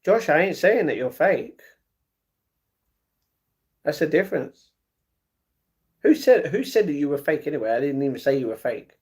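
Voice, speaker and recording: A man live-streaming who reads his viewers' chat aloud and argues back, with excited reactions to a fight he is watching. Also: a little high, moderate pace, pauses often. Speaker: livestreamer. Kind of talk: casual livestream chat.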